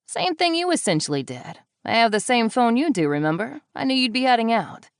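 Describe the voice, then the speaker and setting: Teasing, smirking young male sidekick in a dark audiobook thriller, read by a woman in a lifted, lively tone. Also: fairly high pitch, brisk, clear, resonant tone, dry recording, studio quality, voice pushed up. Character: wry young male partner in crime.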